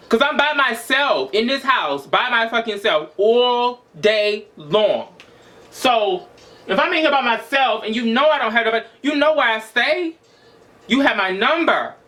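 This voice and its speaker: A man's voice: sits high, sharp tone. A man in his twenties venting in a raw, emotional, profane personal monologue for his vlog. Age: 20s. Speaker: vlogger.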